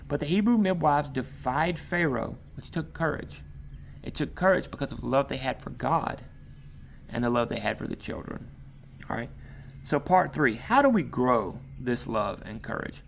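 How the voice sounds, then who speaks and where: Gravelly man preaching a casual sermon. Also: mid-range voice, fairly bright tone, slight background noise. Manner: conversational, rambling, frequent "all right". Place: outdoors in a yard.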